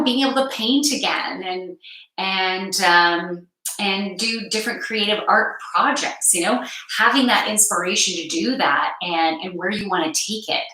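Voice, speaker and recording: A woman guiding a live card reading and breathing session in a slow, soothing way, step by step. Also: mid-range voice, pushed and bright. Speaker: card reader and meditation guide. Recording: very echoey room.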